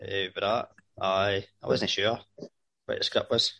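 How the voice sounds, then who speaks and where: Teasing Scottish podcast host. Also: male voice, fairly low pitch, steady tone, unhurried, creaky, bright, forceful tone. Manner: teasing banter. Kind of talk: casual podcast chat.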